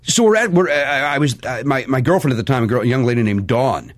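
Animated man telling a rambling story. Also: medium pitch, quick pace, dry recording. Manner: animated, self-deprecating, many restarts and fillers. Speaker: guest. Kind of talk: casual storytelling.

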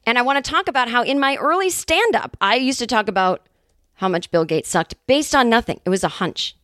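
A woman in her fifties from the Boston area, hosting a comedy podcast in a casual, profane, animated monologue. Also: a little high, a little fast, no echo, studio quality. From New England, Boston area. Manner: animated, profane, jokey asides. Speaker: podcast host and stand-up comedian.

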